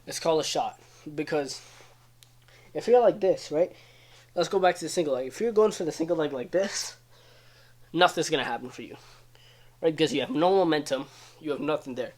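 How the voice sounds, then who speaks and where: A man's voice: fairly high pitch, fairly quick, pauses often. A young man casually teaching wrestling moves, loose and chatty, often checking in with "right?". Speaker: wrestling coach. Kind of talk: casual instructional video.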